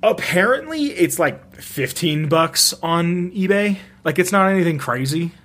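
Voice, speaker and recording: A man's voice: sits high, lively intonation, measured pace, fairly bright tone. Rambling young man chatting casually. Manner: rambling, frequent "like" and restarts. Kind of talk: casual chat.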